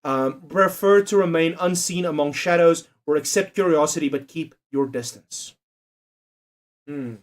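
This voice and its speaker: A man's voice: a little high, a little slow. A young man chatting casually on a livestream, swearing and joking as he reads out quiz options. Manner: profane, jokey, reads quiz options aloud.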